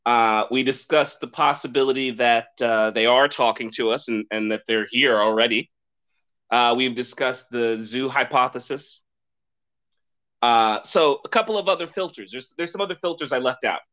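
A man hosting a podcast in casual chat, rambling and excitable and laughing often. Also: medium pitch, moderate pace, muffled recording. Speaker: podcast host.

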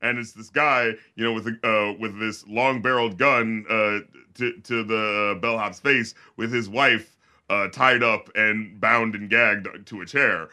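A man co-hosting a casual podcast chat, rambling through a film scene and acting out lines in low mock voices. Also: steady tone, measured pace, sharp tone. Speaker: podcast co-host reviewing a film.

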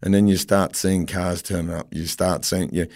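A low-voiced man chats in a casual interview. He tells his own stories bluntly and swears without thinking twice. His voice sits deep, well under most men's. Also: little pitch movement, moderate pace, a little mellow. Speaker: podcast host.

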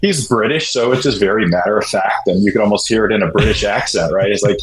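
A man talks casually as a guest in an interview, going through his story at an easy pace. His voice sits a little low. The recording has a noticeable roomy echo. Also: quick pace, hardly any pauses, a crowd in the background. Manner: animated, jumps higher when quoting people. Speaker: guest, shoe importer.

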